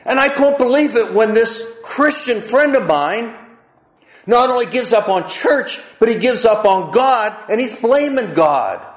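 A man delivering a sermon with a high, expressive voice that rises and falls widely. He speaks slowly and deliberately, pressing his points with rhetorical questions and repetition. The sound carries the echo of a large room. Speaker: pastor.

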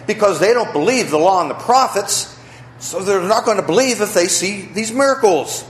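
A man's voice: high voice, slight background noise. A male pastor preaching a sermon to his congregation, emphatic and full of rhetorical questions. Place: church sanctuary with congregation. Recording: echoey church sanctuary.

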